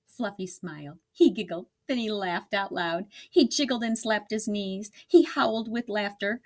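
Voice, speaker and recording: A woman reading a storybook aloud to children, expressive and laughing along. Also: mid-range voice, unhurried, few pauses.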